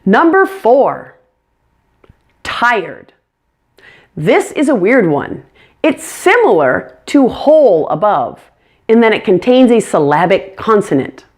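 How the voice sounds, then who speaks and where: A woman's voice: mid-range voice, very animated, slow pace, long pauses. A woman teaching English pronunciation, speaking carefully and demonstrating each sound. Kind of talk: pronunciation lesson.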